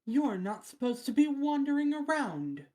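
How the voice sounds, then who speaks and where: A woman's voice: high-pitched, sing-song, normal speed, mellow, slight background noise, pitched above the performer's own voice. A woman voicing a stern, irritable woman in a fan-dubbed game, speaking curtly and with scorn. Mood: scornful. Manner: curt and scornful.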